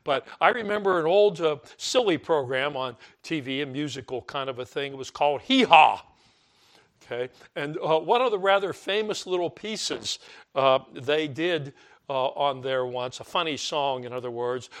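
A man's voice: fairly high pitch, fairly bright tone. An older man preaching a conversational sermon, repeating words for emphasis and mimicking complaining voices.

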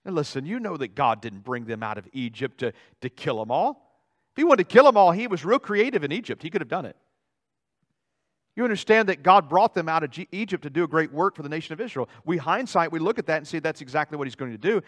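A male pastor preaching a sermon in a church, animated, swinging between loud dramatic outbursts and quiet asides. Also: a little high, fast. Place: church sanctuary.

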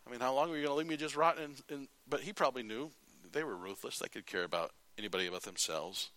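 Preacher guy acting out a bible story, bright voice, dry close mic. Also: mid-range voice, fast talker, no echo. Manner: animated storytelling, acting out the characters' lines. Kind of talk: sermon retelling a Bible story.

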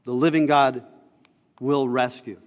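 Emphatic male preacher in a reverberant hall. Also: steady tone. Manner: emphatic, rising to loud stresses then dropping low and slow. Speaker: pastor. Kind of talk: sermon. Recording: dull sound with long reverb in a hall.

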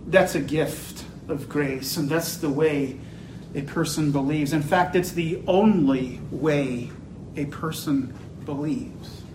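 Slow, emphatic male preacher in an echoey room. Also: fairly high pitch, noisy background. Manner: slow, building to emphatic declarations. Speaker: pastor. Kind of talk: sermon.

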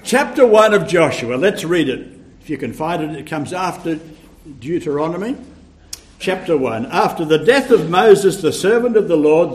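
An older man preaching a sermon, slow and emphatic, with sudden loud bursts when he tells a story. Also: fairly high pitch, expressive.

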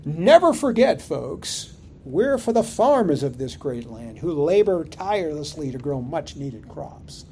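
A man's voice: fairly high pitch, sing-song, unhurried, darkish tone, slight background noise. A man voicing a slick male spokesman for a king's court who spins cheerful propaganda. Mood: salesy.

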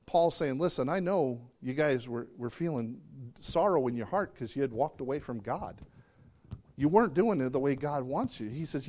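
A middle-aged man, a pastor, gives a lively sermon and frequently imitates the voices of the people he quotes. His pitch is medium and his speed normal.

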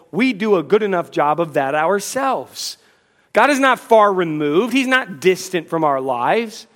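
A man's voice: high voice, fairly bright tone. A man preaching a sermon to a congregation, emphatic, asking rhetorical questions and slipping in dry humor. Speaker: pastor.

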